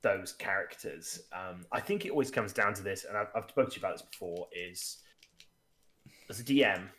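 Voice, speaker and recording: A man's voice: sits low, expressive, fairly quick, bright, forceful tone. A man co-hosting a casual tabletop gaming podcast, chatting loosely with many restarts. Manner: chatty, rambling with restarts, acts out players' lines. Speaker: podcast co-host and game master.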